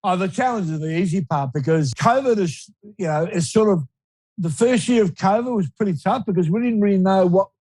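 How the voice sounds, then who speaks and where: Older Australian ex-footballer guest, rambling and repetitive, a bit high-pitched, dry sound. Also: male voice, lively intonation, fairly quick, a little mellow, no echo, low-quality recording. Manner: rambling, repeats words, laughs easily. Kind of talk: casual storytelling interview.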